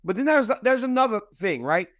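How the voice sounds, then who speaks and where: A man's voice: high-pitched, lively intonation, brisk, fairly bright tone, no room sound. A man in his forties interviewing a guest in a casual, friendly, emphatic conversational way. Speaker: interviewer and fight analyst.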